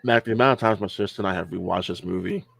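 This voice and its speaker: A man's voice: low voice, rapid-fire, creaky, dry recording. A man chatting casually about movies, eager and full of restarts. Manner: enthusiastic, stumbling restarts. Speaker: podcast co-host. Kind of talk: casual chat.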